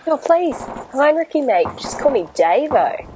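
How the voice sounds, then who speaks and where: A woman's voice: sits high, very animated, measured pace, voice pushed up. A woman plays a brash Australian army captain who treats everyone like an old mate. His talk is breezy and slangy, and he is in no hurry, with a faint hiss of noise behind him. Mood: cheeky.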